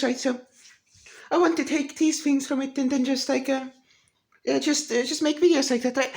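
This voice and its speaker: A woman's voice: sits high, fast, vocal fry, darkish tone. A woman vlogger ranting casually, profane and rambling, with many restarts. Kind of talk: casual rant to camera.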